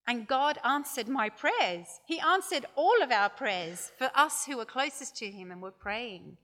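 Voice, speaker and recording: High, slow-speaking woman preacher. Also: animated, sharp tone. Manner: measured storytelling with dramatic quoted lines. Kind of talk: sermon. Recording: long hall reverb.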